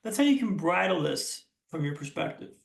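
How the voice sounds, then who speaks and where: A young man delivers a motivational keynote in a large hall, telling his story earnestly with frequent restarts. His voice sits high with a gravelly edge. The sound is roomy and picked up from some distance away. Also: lively intonation, normal speed. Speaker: keynote speaker.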